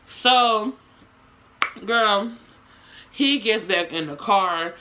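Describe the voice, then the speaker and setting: A woman's voice: mid-range voice, extremely slow, background noise. A young woman telling a story to her camera in casual slang, with swearing and lots of dramatic asides.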